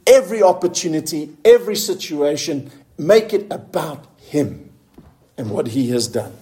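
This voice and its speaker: A male preacher delivering a sermon, asking the listeners questions and reading scripture slowly and earnestly. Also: on the high side, animated, dark tone.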